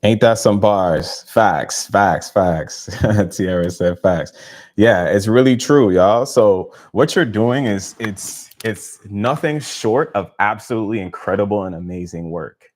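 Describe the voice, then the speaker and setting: A man's voice: on the low side, a little slow, darkish tone. A man hosting a casual live stream, talking in a laid-back, slangy, encouraging way and laughing often. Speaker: live stream host, spiritual healer.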